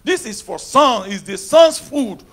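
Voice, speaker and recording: A man preaching a sermon who moves between hushed talk and shouted, repetitive prayer declarations. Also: extremely high pitch, expressive, unhurried.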